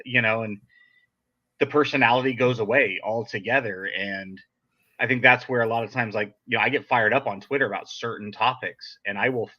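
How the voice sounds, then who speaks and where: A man's voice: mid-range voice, fairly even intonation, a little fast. A man hosting a casual podcast chat, talking in a blunt, direct, sarcastic way. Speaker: podcast host. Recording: dull lo-fi sound.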